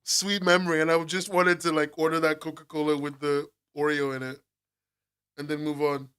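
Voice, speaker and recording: A man with an English accent chatting with his live-stream viewers, excitable and quick to swear and laugh. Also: on the high side, clear, resonant tone. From England. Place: at home.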